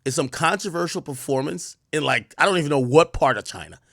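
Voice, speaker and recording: A man hosting a live stream, telling a story in animated casual talk with swearing and laughter. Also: fairly high pitch, fairly quick, vocal fry, no echo, studio quality.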